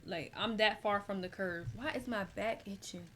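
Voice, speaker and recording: A young adult woman streaming a game, tired and chatting in a rambling, relaxed way full of slang. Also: medium pitch, normal speed, a little hiss or hum. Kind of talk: casual gameplay chat.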